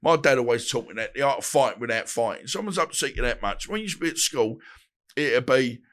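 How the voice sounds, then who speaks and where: A boxer in his 50s, appearing as a podcast guest, tells stories in an interview chat at a fast clip in a mid-range voice. He's animated, acting out the people he quotes, phone calls and quarrels included, in shifting voices.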